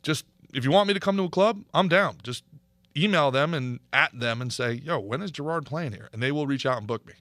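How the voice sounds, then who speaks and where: A man hosting a podcast, talking casually in an animated, opinionated way. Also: medium pitch, brisk, no room sound. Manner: animated, opinionated ranting with laughs. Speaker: podcast host and comedian.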